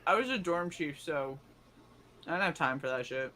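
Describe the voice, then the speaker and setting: Bright-voiced woman telling boot camp stories. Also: low voice, moderate pace, slight background noise. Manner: profane, animated, acts out drill instructors in a loud mock voice. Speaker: stream co-host. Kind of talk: casual chat, swapping basic training stories.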